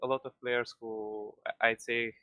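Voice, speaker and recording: A man's voice: medium pitch, flat delivery, normal speed, sharp tone, dry recording. A man, not a native English speaker, calling in to a football stream, talking hesitantly with many restarts. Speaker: caller. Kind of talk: casual call-in chat.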